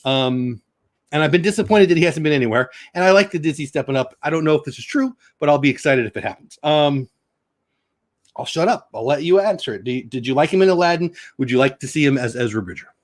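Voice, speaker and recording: Middle-aged male host, slightly high voice, casual news chat, reads then riffs. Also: lively intonation, fast talker. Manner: reads news aloud with asides. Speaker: show host.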